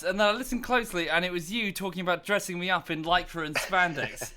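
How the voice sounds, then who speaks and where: A man with a bright, ringing voice pitched a little high, chatting on a stream through a headset. He tells his story with lively energy and swears freely. It is casual voice-chat banter. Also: fast talker, hardly any pauses.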